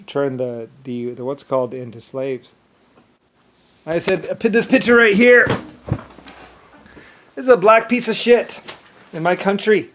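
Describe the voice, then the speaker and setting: Man, fairly high voice, rambling rant, angry, repetitive, stumbles and restarts. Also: a little mellow. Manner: angry, repetitive ranting with profanity. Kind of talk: rambling monologue.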